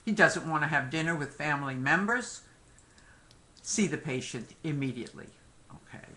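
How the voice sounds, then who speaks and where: A man's voice: fairly high pitch, lively intonation, normal speed, pushed and bright. A man teaching a live online review lecture, talking conversationally, joking now and then and dropping "okay" and "my friends" between points. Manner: frequent "okay" and "my friends" asides. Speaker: medical exam lecturer.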